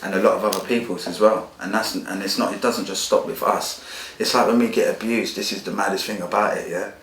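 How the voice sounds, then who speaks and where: A very deep-voiced man, talking bluntly and with feeling, full of street slang and swearing. He tells his story as a podcast guest. The room around him is echoey. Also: fairly even intonation, fairly quick, a bit bright, a little hiss or hum. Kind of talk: candid personal storytelling.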